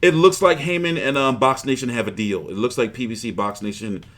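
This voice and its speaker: A man's voice: medium pitch, a little fast, a bit bright. A man hosting a boxing livestream, chatting casually in a rambling, profane, frustrated way.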